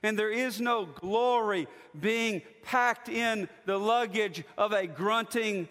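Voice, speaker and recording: Slow, emphatic high-voiced male preacher. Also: fairly bright tone, big-room sound. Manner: measured, emphatic preaching with slow stressed phrases. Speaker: pastor. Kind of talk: sermon.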